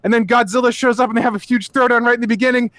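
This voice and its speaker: High-voiced man ranting profanely. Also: fairly even intonation, rapid-fire, fairly bright tone, no echo. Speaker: podcast co-host. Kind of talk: casual podcast chat.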